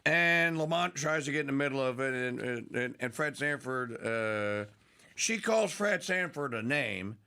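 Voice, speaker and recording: A man's voice: mid-range voice, lively intonation, measured pace, bright, forceful tone, smooth. A middle-aged man hosting a radio talk show, rambling, laughing and slipping into mock voices.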